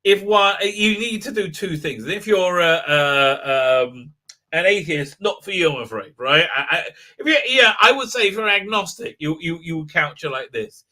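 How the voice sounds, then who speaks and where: A man's voice: sits high, animated, moderate pace, pushed and bright. A man hosting a casual live stream, talking in a rambling way with many fillers, restarts and frequent laughs. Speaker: livestream host.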